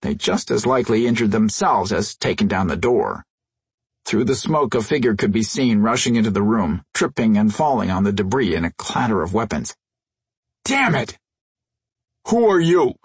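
A male audiobook narrator tells the story in a measured, husky voice of middle pitch. The studio sound is dry and close. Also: no echo. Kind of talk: scripted narration. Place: recording studio. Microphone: close studio mic.

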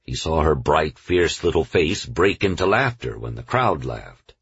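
A man reading a novel aloud as a narrator, in a measured storytelling manner. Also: rumbling low, sing-song, fairly bright tone, slightly rough, dry recording. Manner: measured storytelling, slows on lists. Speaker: audiobook narrator. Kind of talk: scripted narration. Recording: dull, dry studio recording.

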